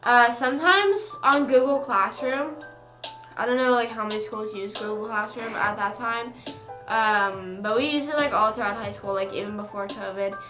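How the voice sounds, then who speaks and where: A young woman streamer chatting casually, rambling through a story with quick asides. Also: fairly high pitch. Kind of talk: casual chat. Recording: echoey room with faint music.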